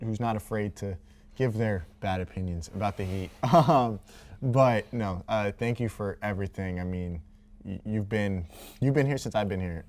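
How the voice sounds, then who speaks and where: A young man hosting a casual studio show, with a low voice. He talks with energy and plenty of ums and uhs. He thanks a departing colleague warmly. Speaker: host.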